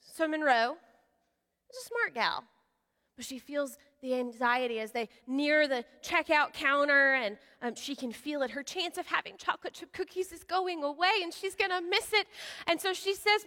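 Woman preacher, lively storyteller, bright tense voice, long hall reverb. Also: high voice, normal speed. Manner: animated, acts out voices of characters. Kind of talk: sermon with storytelling.

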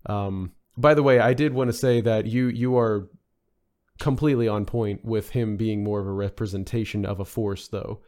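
A man's voice: on the low side, steady tone, moderate pace, darkish tone. Man musing, lots of fillers. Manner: rambling, many fillers and restarts. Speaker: podcast guest. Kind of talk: casual podcast discussion.

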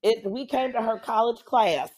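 A woman's voice: fairly high pitch, normal speed, a crowd in the background. Playful woman podcast co-host. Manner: playful teasing, chimes in often. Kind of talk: casual chat.

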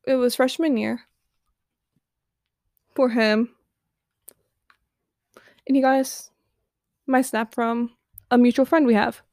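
A woman's voice: fairly high pitch, gravelly, a little mellow, dry recording, clean studio sound. A teenage girl telling a story in a candid, profane, chatty way, full of "like". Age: teens. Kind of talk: casual storytelling.

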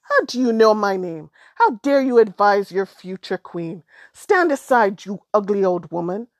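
A woman's voice: on the high side, brisk, dry recording, studio quality, pitched above the performer's own voice, natural voice. A woman voicing a proud, greedy young woman who is scornful and imperious in a storybook.

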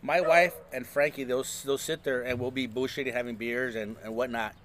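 A man's voice: medium pitch, fairly even intonation, fairly quick, fairly bright tone, slight background noise. A man co-hosting a podcast in casual chat, joking and swearing freely in a community center. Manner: joking, profane banter. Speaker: podcast co-host.

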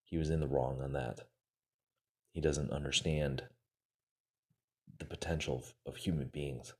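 A man's voice: extremely low pitch, fairly even intonation, measured pace, husky. A man casually retelling a success story to motivate his listeners, acting out the quoted lines and using many fillers.

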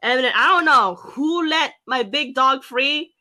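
A young woman from an island telling a story in a casual chat, lively and full of fillers, jumping into high quoted voices. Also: a little slow.

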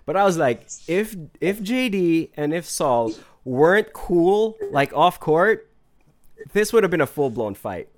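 A man's voice: a little high, very animated, a little slow. A man, hosting a casual chat and telling a story, acting out quotes and laughing often. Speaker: podcast host.

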